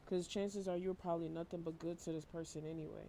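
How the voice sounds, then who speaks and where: Man, tarot reader, monotone, worn out, fairly high, gravelly, casual swearing. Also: fast talker, slight background noise. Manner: flat, low-energy monotone with casual swearing. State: emotionally worn out. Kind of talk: casual tarot reading to camera.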